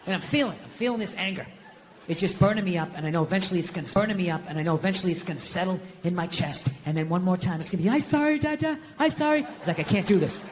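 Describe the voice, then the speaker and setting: A man's voice: high voice, very fast. A middle-aged man doing a profane, exasperated stand-up routine on stage before a live audience. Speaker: stand-up comedian. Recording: live show with crowd laughter and noise.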